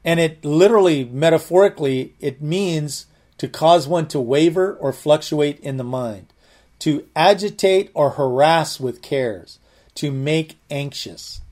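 A man's voice: on the high side, measured pace, darkish tone. A man giving conversational Bible teaching, earnest, often repeating and restarting his words.

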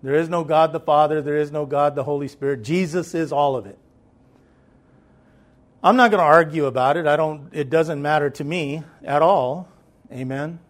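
A man's voice: a little high, moderate pace. A man preaching a sermon in a loose, conversational way, with many fillers and swells of emphasis.

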